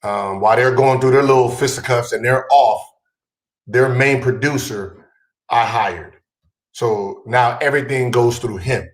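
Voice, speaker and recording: Male podcast host, swearing, loud and exasperated, echoey room. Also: medium pitch. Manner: exasperated, loud comic outbursts. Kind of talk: profane casual storytelling.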